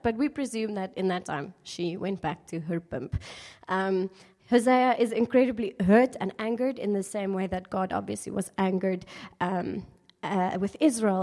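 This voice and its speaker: A woman's voice: mid-range voice, a little mellow. A woman giving an informal sermon in a chatty, playful way, with many fillers and laughs at her own jokes. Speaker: speaker at a church gathering.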